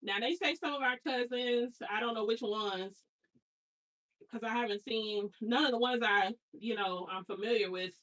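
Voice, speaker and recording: A woman's voice: fairly high pitch, normal speed, a bit bright, poor audio. A woman in her thirties, a hair stylist, chatting casually and telling rambling family stories with slangy asides while she unpacks. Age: 30s.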